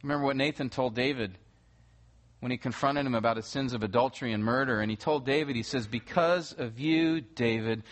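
A man's voice: mid-range voice, fairly even intonation, quick pace. A man preaching a sermon as pastor, explaining scripture step by step and rising to urgent emphasis at key points. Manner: earnest, rises to urgent emphasis.

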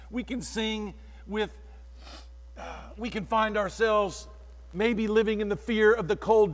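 A male preacher delivering an impassioned sermon that swings from hushed tones to shouted lines. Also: high voice. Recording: long reverb in a large hall.

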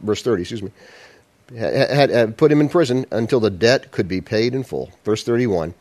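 A man's voice: on the low side, expressive, moderate pace, a little mellow. A man preaching a sermon in a conversational style, asking the congregation rhetorical questions. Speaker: pastor.

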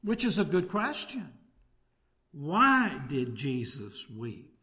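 Man preaching a sermon, slightly high. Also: wildly swooping pitch, slow pace, sharp tone. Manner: reads scripture aloud, then preaches with rhetorical tag questions. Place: church.

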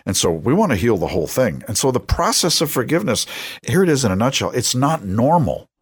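An older man, a guest on a Christian radio show, telling stories and teaching in an animated, conversational way. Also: mid-range voice, a little fast, husky, dry recording, clean studio sound. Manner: animated storyteller who jumps into acted voices.

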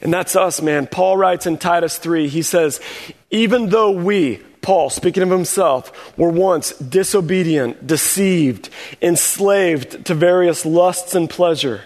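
A man's voice: high voice, a little slow, a little mellow, big-room sound. A man preaching a sermon in a conversational way, acting out short quoted voices of the people in his story. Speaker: pastor.

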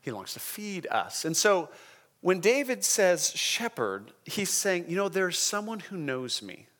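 A man preaching a sermon in a conversational, emphatic way, often slowing down to stress key words. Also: high voice, sing-song, a bit bright. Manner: conversational, emphatic, checks in with the congregation. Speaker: pastor.

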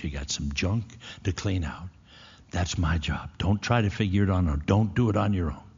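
A man's voice: low-pitched, darkish tone, slightly rough. A man preaching a sermon, folksy and storytelling, swinging into emphatic passages. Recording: dull echoey hall recording.

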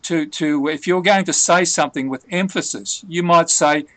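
A man with a slightly raised pitch explains phrasal verbs patiently, pausing often on fillers and restarting his sentences. His voice is recorded close and dry, with no room sound. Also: fairly bright tone, no echo. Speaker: English tutor. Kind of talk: conversational language lesson.

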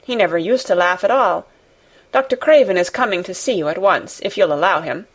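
A woman's voice: on the low side, fairly quick, breathy edge. A woman voicing a flustered, talkative older housekeeper who rambles deferentially to her master. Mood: anxious.

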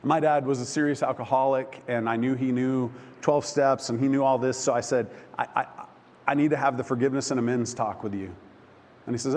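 A man preaching a sermon, telling a personal story with emotion, halting and restarting often. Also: medium pitch, fairly even intonation, a little mellow. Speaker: pastor. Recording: long hall reverb, faint background noise.

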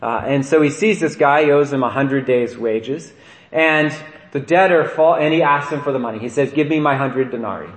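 In an echoey church, a male priest preaches conversationally, often tossing in "right?" asides. He has a mid-range voice and a moderate pace.

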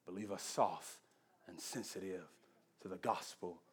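His voice is low, unhurried and slightly rough as he preaches: the pastor's rhythmic, repeated lines swell into shouts and then drop to a soft, whispered prayer.

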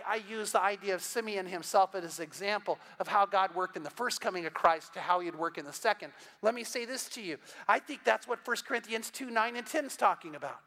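A man's voice: sits high, sharp tone, long reverb tail. A man preaching an evening sermon as pastor, earnest and emphatic, often repeating words and voicing what listeners might say.

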